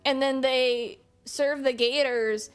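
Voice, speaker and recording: A woman's voice: high-pitched, steady tone, slow, smooth. A woman streaming a video game, chatting casually in a playful, rambling way. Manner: playful, rambling, chuckling to herself. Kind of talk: casual chat while gaming. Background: faint game music.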